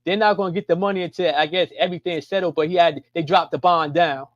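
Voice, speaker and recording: A man's voice: a little high, fairly even intonation, fast talker, no echo. A man in casual political chat on a call-in show, rambling with many restarts and loose slang. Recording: muffled lo-fi call audio.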